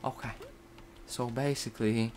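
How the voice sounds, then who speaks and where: A young man hosting a game video, giving goofy, jokey commentary that keeps jumping into silly high exclamations. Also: fairly even intonation, measured pace, darkish tone, slight background noise. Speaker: gaming channel host. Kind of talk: let's play game commentary.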